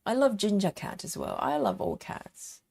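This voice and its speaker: A woman's voice: mid-range voice, wildly swooping pitch, normal speed, vocal fry, a little mellow, slightly rough. A woman chatting casually on a live stream as she stitches, giggling often and reading out viewer comments.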